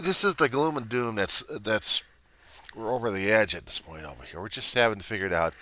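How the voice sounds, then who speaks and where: A man's voice: low voice, pushed and bright. A man vlogging on his own channel, rambling in a gloomy, sardonic rant. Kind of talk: casual rant to camera.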